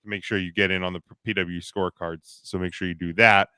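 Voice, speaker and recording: Smooth-voiced man rambling about wrestling. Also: sits low, flat delivery, fairly quick, sharp tone, no echo. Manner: rambling, full of restarts and fillers, opinionated. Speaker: podcast co-host. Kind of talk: casual wrestling podcast chat.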